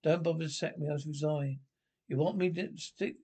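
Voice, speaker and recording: A man's voice: a little high, steady tone, moderate pace, a little mellow, husky. An actor playing an indignant young male doctor who quits his hospital job, with cheeky, blunt insults in 1960s British film comedy style.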